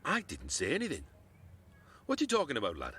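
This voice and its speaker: An actor playing a stern, impatient uncle who speaks gruffly. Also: male voice, medium pitch, huge pitch swings, fast talker, bright, forceful tone, heavily acted. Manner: gruff, says "lad" a lot.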